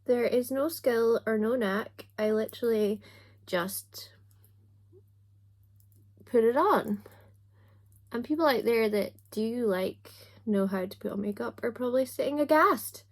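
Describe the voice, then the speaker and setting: A woman's voice: a little high, normal speed. A young woman chatting casually on camera while doing her makeup, with a self-mocking, chatty manner and little asides. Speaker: book vlogger.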